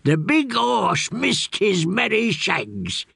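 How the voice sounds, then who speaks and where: Brief: man voicing cruel male jester, cackling and crowing; lively swooping pitch, audiobook. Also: slow pace, creaky, husky, dry recording, studio quality, full character voice. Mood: gloating. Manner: crowing, crude, laughing.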